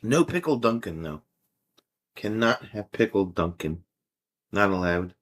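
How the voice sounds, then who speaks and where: Slow, jokey male livestream host. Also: fairly low pitch, lively intonation, fairly bright tone. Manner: jokey and playful, laughing often. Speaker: livestream host reading viewer chat. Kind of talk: casual livestream chat.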